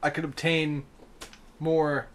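A young man with a fairly high voice chats easily on a podcast, relaxed and quick to swear. A faint background hiss runs beneath him. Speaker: podcast co-host. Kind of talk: casual chat.

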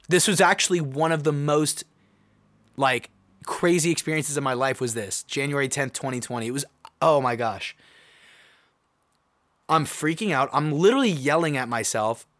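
A young man hosting his own podcast, telling a personal story in an animated, excitable way. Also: a little high, normal speed. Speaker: podcast host. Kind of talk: casual solo podcast monologue.

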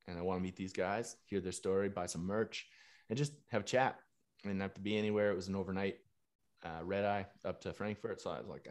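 Lively man telling a story. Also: low voice. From Canada. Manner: animated, laughing, swears freely. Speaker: musician and fitness coach. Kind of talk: casual storytelling monologue.

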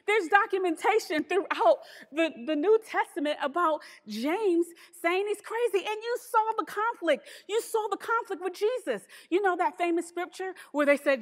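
A woman preaching a sermon in a church, lively and humorous, with emphatic asides. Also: high-pitched, moderate pace, long reverb tail.

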